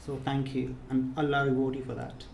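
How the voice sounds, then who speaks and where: A man's voice: mid-range voice, completely flat delivery, fairly quick, vocal fry, darkish tone, echoey room, a little hiss or hum. A man leading a course, giving an emotional thank-you speech, earnest and repetitive, his phrases rising to emphatic peaks. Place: reception room of an official residence.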